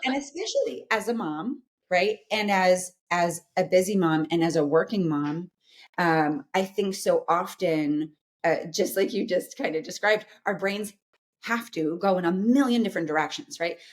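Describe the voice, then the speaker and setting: Unhurried and fairly low-pitched, this forty-something psychologist appears as an interview guest. The setting is casual, but she talks earnestly, explaining things and frequently asking "right?"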